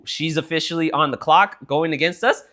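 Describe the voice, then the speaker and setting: A young man co-hosting a podcast, telling an animated, profane story in casual chat. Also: a little high, brisk. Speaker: podcast co-host.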